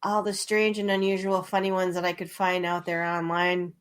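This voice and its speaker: A woman's voice: lowish voice, completely flat delivery, moderate pace, clean tone. A woman hosting a casual comedy podcast, laughing often as she asks silly questions. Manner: giggly, laughs through her questions. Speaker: podcast host.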